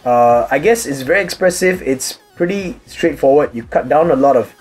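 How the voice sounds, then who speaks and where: A man's voice: on the high side, normal speed, husky, soft background music. A young man from Singapore with a Singaporean accent, chatting casually at home as he answers viewer questions. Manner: relaxed, chatty, explains with examples. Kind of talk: casual chat. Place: room at home with hobby figurines.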